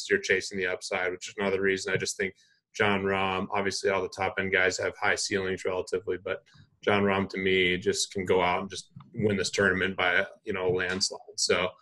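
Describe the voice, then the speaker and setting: A man's voice: low voice, bright, forceful tone, rough recording. A man co-hosting a sports podcast, giving matter-of-fact analysis. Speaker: podcast co-host. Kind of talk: casual podcast chat.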